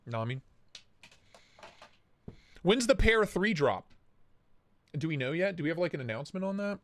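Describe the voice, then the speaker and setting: A man hosting a casual livestream, excitable and hyped, cursing freely and greeting chat viewers by name. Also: fairly high pitch, normal speed, no room sound. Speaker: livestream host reviewing knives.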